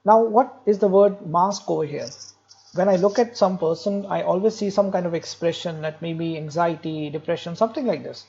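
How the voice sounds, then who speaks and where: Guy teaching med students, repeats terms a lot, kinda high voice, muffled lo-fi audio. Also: a little fast, gravelly, mellow. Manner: explanatory, repeats key terms, frequent "okay"; addresses students directly, lightly joking. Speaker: medical lecturer. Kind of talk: recorded exam-prep lecture.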